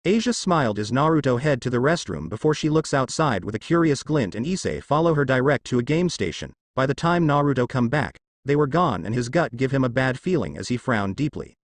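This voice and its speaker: Male narrator, fan fiction reading, animated pitch, dry close sound. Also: brisk, hardly any pauses, no room sound.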